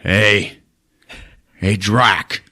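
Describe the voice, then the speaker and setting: A man's voice: fairly low pitch, steady tone, very slow, sharp tone, exaggerated voice. A man voicing a cocky, crude male fighter pilot who jeers and swears. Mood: taunting. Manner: mocking, profane jeers.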